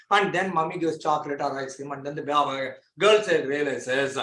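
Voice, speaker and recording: Bright-voiced man lecturing. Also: on the high side, moderate pace, hardly any pauses. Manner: explains with homely examples, repeating phrases for emphasis. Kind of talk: lecture to a class. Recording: echoey room.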